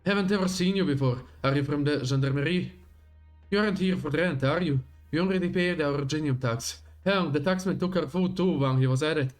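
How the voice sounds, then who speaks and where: A man voicing a nervous, defensive village farmer who talks high-pitched, agitated and blustering, read aloud from a game story on a livestream. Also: a little fast, faint music behind, lightly acted.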